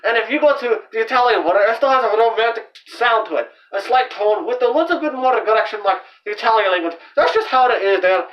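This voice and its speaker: A man's voice: sits high, fast, hardly any pauses. A young man hosting his own channel, explaining language in a loose, rambling way full of fillers and restarts. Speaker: channel host. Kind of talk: casual amateur language explainer. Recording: dull, distant lo-fi home recording.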